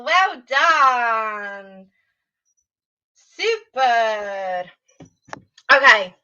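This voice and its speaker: Lady teaching kids online, high bright voice, slow and cheery, kinda dull lo-fi sound. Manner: animated, encouraging, sing-song teacher voice. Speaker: children's Spanish teacher. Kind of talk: online children's language lesson.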